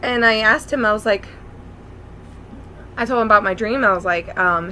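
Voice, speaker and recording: A woman's voice: fairly high pitch, a little fast, pauses often, bright, forceful tone, a little hiss or hum, poor audio. A young woman vlogger earnestly recounting a dream in a rambling, casual monologue full of fillers. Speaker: spiritual vlogger.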